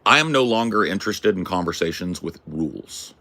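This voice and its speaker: A man hosting a podcast, ranting through a story as a brash, profane self-declared loudmouth who keeps asking "right?". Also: deep voice, lively intonation, a little fast. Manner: punctuates points with "right?". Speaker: podcast host. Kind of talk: casual storytelling rant.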